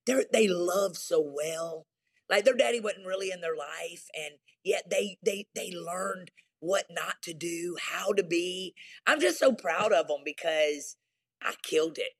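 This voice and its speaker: A woman's voice: fairly low pitch, measured pace, husky. A woman with a Southern US drawl talks candidly as a guest on an interview show. She is a pastor, and her delivery is emphatic and folksy, like someone used to preaching.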